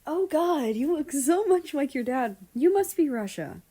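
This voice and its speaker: A woman voicing an excitable, friendly male king in a storybook reading, loud and boisterous. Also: medium pitch, fairly quick, pitched above the performer's own voice, close to an everyday voice. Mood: excited.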